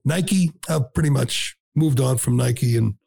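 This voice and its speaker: A man's voice: medium pitch, a little slow, vocal fry, warm tone, husky, no room sound. A man hosting a talk radio show, delivering blunt, sarcastic, combative commentary.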